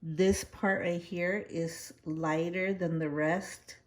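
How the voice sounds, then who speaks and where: Woman plant vlogger, slow, casual, slight retainer slur. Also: on the low side, steady tone. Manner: heartfelt, rambling with restarts. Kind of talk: casual vlog talk.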